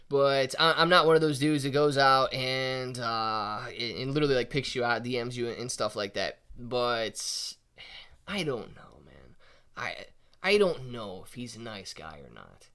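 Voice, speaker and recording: A man's voice: mid-range voice, fairly bright tone. A man hosting a casual live stream, reading out viewer chat and talking loosely with his audience. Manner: loose and chatty, calls viewers dude and man.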